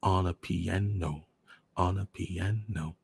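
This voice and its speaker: A man's voice: low-pitched, fairly even intonation, slow pace, gravelly, slight background noise, heavily acted. A man voicing a furious middle-aged druggist father who roars and chants rhythmically. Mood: mocking chant.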